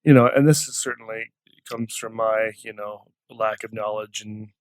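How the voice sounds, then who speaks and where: A man's voice: lowish voice, fairly even intonation, normal speed, clean tone, no room sound. A man hosting a podcast, asking questions in a hesitant, thinking-aloud way full of fillers. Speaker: podcast host. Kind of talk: casual interview talk.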